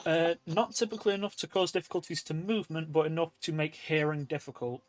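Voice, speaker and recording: A man running a tabletop role-playing game, narrating scenes in a relaxed way with frequent fillers. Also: on the high side, fast, no echo. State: hiccuping. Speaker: game master.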